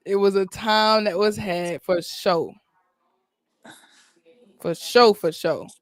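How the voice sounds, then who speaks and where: A woman's voice: mid-range voice, takes it slowly, dry recording. A woman hosts a laid-back livestream chat. Her delivery is loose and full of slang, and she sounds like she is talking with friends. Her voice comes through dry and close, over a call mic. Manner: slangy, relaxed, talks with friends. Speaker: livestream host.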